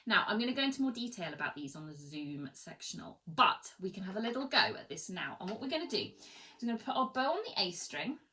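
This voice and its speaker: A woman's voice: medium pitch, very animated, fast talker, sharp tone, poor audio. A woman teaching violin in an online tutorial, encouraging and demonstrative, counting and singing rhythms aloud.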